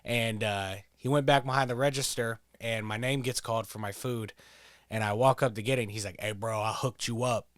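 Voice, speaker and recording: A man's voice: medium pitch, fairly even intonation, fairly quick, no echo, studio quality. A man giving casual, profane, joking commentary while playing a quiz video game, rambling into stories. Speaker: gameplay streamer.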